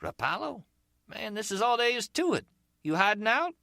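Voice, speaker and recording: Man voicing a smooth-talking middle-aged street hustler, slangy and teasing, bright lively voice, for an audiobook. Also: high voice, normal speed, no room sound, clean studio sound, pitched above the performer's own voice, exaggerated voice. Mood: chatty. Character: slick streetwise male umbrella hustler, middle-aged, easygoing.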